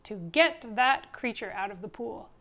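A woman's voice: on the high side, lively intonation, measured pace, sharp tone, exaggerated voice. Storybook swim coach, male, panicky, bellowing; woman reading. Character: loud, easily alarmed male swim coach.

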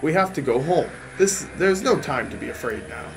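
A woman growling as a gruff talking cat. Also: low-pitched, animated, normal speed, music in the background, low-quality recording. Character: protective talking male cat.

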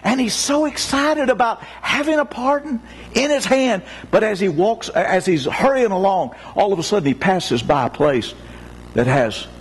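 High, animated preaching man. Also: a little hiss or hum, low-quality recording. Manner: preaching with sweeping pitch swings, storytelling. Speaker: pastor. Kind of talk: sermon. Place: church sanctuary.

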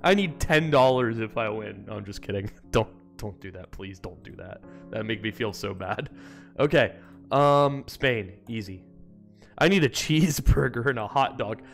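An American man streaming a geography game, excitable, yelping and swearing, then muttering to himself. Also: mid-range voice, moderate pace, soft background music. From United States. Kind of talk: live-stream gameplay commentary.

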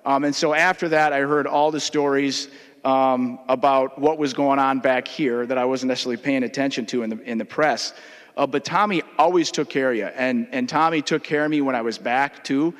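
Minnesotan male state legislator, mid-pitched, halting anecdotal memorial speech with lots of fillers, long chamber reverb. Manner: conversational, halting, many uh fillers.

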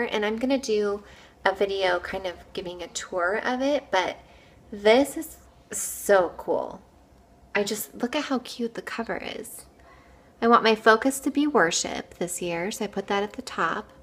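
A woman's voice: medium pitch, fairly bright tone. Chatty upbeat young woman vlogger. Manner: chatty and upbeat, often saying "like" and "um". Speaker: family vlogger. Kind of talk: casual vlog narration.

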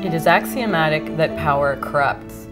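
A woman anthropologist with a low voice talks at a moderate pace in a documentary interview, thoughtful and conversational. She leans on "you know" as a filler and slips in phrases in Arabic, with music running under her words.

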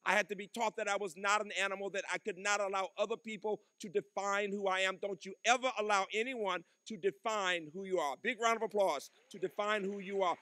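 Older man, bright high voice, emphatic rhythmic commencement speech, dry close sound. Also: fairly even intonation, brisk, few pauses, no echo. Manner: emphatic, preacherly repetition and cadence. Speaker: commencement speaker. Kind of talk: commencement address.

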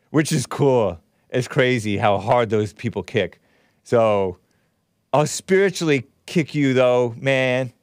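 A man's voice: mid-range voice, no room sound, studio quality. A man hosting a casual livestream, rambling and laughing often as he reads comments and takes calls. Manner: rambling, laughs often, talks back to chat. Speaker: host.

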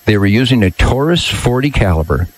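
A man's voice: lowish voice, very animated, brisk. A swaggering man spins a rowdy anecdote in a radio studio, his voice swooping up and down as he laughs his way through it. He speaks into a studio microphone with a faint hiss underneath. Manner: boisterous, laughing often, swaggering. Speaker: guest musician. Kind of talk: animated storytelling on a radio show.

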